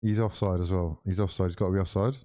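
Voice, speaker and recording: A young man with a lowish, mellow voice reacts to a football match as it plays, calling out and chatting straight to his viewers. His tone swings quickly into excitement, and he talks in loose, casual bursts. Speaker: watch-along streamer. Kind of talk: live football watch-along commentary.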